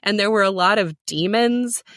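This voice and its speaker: A woman's voice: medium pitch, normal speed, fairly bright tone, no room sound, studio quality. A woman who narrates audiobooks, explaining her work in a practical, matter-of-fact way during a casual podcast chat.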